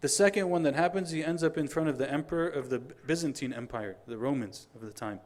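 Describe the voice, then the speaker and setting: A middle-aged man giving a Friday sermon, telling stories in an animated way, acting out the dialogue and reciting quotations quickly. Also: fairly high pitch. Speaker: preacher.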